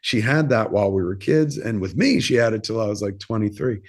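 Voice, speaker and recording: A man's voice: on the low side, expressive, brisk, breathy edge. Candid, profane man in his fifties. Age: 50s. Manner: candid and rambling, swears freely, lots of fillers. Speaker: podcast guest, filmmaker. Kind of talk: casual interview storytelling.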